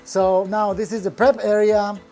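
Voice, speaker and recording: Man, contractor type, plainspoken and upbeat, recorded outdoors with soft music underneath. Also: high-pitched, level tone, a little slow. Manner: upbeat, plainspoken, proud of the work. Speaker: landscaping contractor. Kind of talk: casual project walkthrough. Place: outdoors in a backyard patio.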